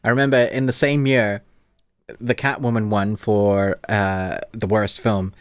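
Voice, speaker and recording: Man, podcast host, casual chat, playful, laughs a lot, lowish voice, dry close sound. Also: flat delivery, unhurried, clear, resonant tone, no echo. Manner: playful, laughs often, runs a movie-quote quiz.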